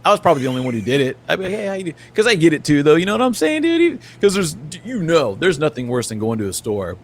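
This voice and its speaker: A man's voice: on the high side, wildly swooping pitch, quick pace. A man co-hosting a podcast, easygoing and chatty, peppering his talk with "dude". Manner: laid-back, lots of "dude" and "you know". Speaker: podcast co-host. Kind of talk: casual chat.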